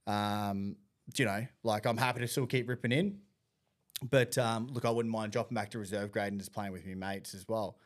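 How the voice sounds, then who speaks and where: A man telling stories in a blunt, sweary, animated way as co-host of a casual podcast chat. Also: lowish voice, normal speed.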